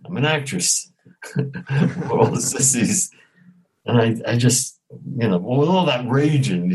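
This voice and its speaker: A lower, husky male voice. He is a middle-aged actor spinning a story for an interviewer, jumping into the voices of the people in it with lively energy. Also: low-quality recording. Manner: animated storyteller who acts out quoted voices. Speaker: guest actor. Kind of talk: storytelling anecdote.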